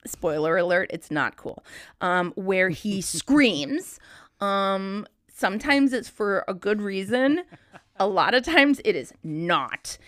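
A woman's voice: medium pitch, animated, slow, a bit bright, dry recording, clean studio sound. A woman in her thirties hosting a podcast, rambling in casual chat, swearing freely and laughing often. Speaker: podcast host.

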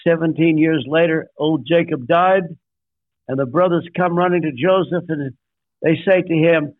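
An older man, a guest pastor and author, tells a story in sermon fashion over a tinny line, emphatic and acting out quotes as he lays out numbered points. His pitch is fairly high, his intonation fairly even, and he speaks at normal speed. The recording is dry, with no echo, and sounds phone-like.

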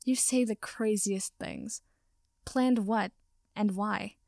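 A woman voicing an earnest, bewildered young male wizard who answers primly, with a gravelly voice. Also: medium pitch, fairly even intonation, takes it slowly, a little mellow, no echo. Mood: puzzled.

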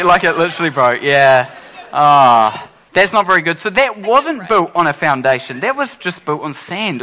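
A man with a high, bright, ringing voice runs a playful children's talk at church. He keeps the kids involved with games and cheers them on constantly. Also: low-quality recording. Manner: playful, encouraging, quick with praise. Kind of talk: lively kids' talk with audience games.

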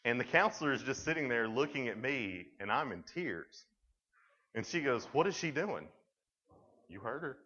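Lively man telling a camp sermon. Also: mid-range voice, normal speed. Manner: lively, conversational storytelling with many "like"s. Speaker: camp speaker. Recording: dull lo-fi recording.

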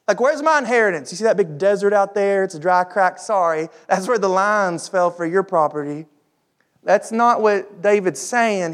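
A pastor giving a sermon, reading scripture aloud and explaining it in an informal, conversational way, with rhetorical questions and frequent fillers. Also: medium pitch.

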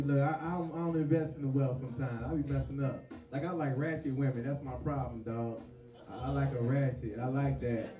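A man hosting a comedy show, riffing in loose, joking bursts between laughs. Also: medium pitch. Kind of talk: stand-up comedy. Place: live venue stage. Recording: roomy hall from a distance with music.

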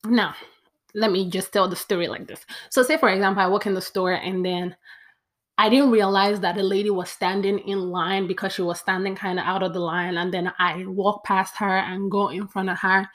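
A woman's voice: medium pitch, steady tone, moderate pace, a bit bright. A young woman, chatting playfully to camera as she counts off a list. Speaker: vlogger. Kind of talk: casual talk to camera.

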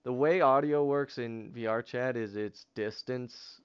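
A man's voice: mid-range voice, unhurried, clear, resonant tone, highs cut off. A man hosting a podcast, telling a long story in casual chat, with lots of fillers and swearing. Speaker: podcast host. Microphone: headset over online voice chat.

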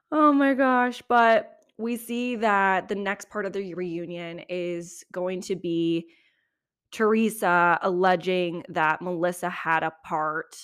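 A woman's voice: fairly low pitch, fairly even intonation, clean tone. Chatty woman recapping reality TV. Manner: chatty, opinionated, quick asides. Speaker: podcast host.

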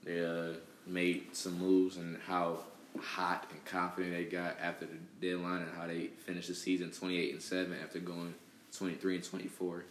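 A man's voice: low-pitched, completely flat delivery, moderate pace. A man giving a casual, rambling sports take full of fillers. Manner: loose, rambling analysis with filler words. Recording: echoey room with faint background noise.

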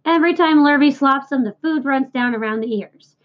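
A bossy farm wife presses her point, loud and emphatic, as a woman reader puts her on. Her voice rides high. The sound is dull and lo-fi. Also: brisk, natural voice. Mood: insistent. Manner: emphatic, insistent. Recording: dull lo-fi recording.

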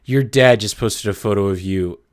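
A man's voice: fairly low pitch, normal speed. A man around his thirties co-hosting a podcast, chatting casually, teasing his friend and gushing with pride. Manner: playful teasing, gushing and emotional. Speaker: podcast co-host. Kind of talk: casual chat.

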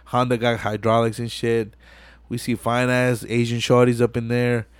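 A man hosts a podcast and walks through a movie in loose, profane street slang, full of fillers. His voice sits at a middle pitch, and the recording is close and dry, with no room echo. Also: moderate pace, smooth. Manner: slangy, profane, animated storytelling with many fillers. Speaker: podcast host. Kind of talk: casual movie recap.

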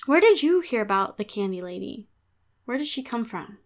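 A woman's voice: fairly high pitch, sing-song, normal speed. A woman with a Texas accent, co-hosting a casual chat podcast, joking and laughing easily between stories. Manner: laughs often, jokey asides. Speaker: podcast co-host.

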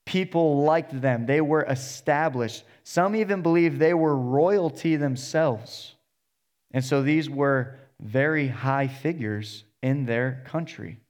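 A man's voice: medium pitch, takes it slowly, a little mellow. Male pastor, mid-range voice, preaching a casual storytelling sermon and voicing the characters' lines. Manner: storytelling, acting out the characters in plain voice. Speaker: associate pastor.

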